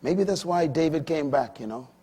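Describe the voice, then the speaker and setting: Older male preacher, husky, fairly high voice, emphatic sermon delivery with sudden loud high peaks. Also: animated, moderate pace. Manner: emphatic, swinging from loud high bursts to low quiet asides.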